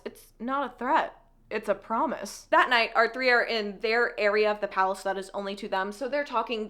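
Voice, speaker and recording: A woman's voice: medium pitch, fairly bright tone. A woman casually recapping a fantasy novel, chatty and sarcastic, often laughing at her own asides. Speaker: book reviewer.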